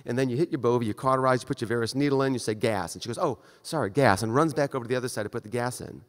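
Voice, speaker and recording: A male surgeon speaks to a conference audience in a racing, direct, conversational style, his mid-pitched voice fairly even and leaving a long reverb through the lecture hall. He walks listeners through the steps as though they were in the room with him, acting out brief exchanges.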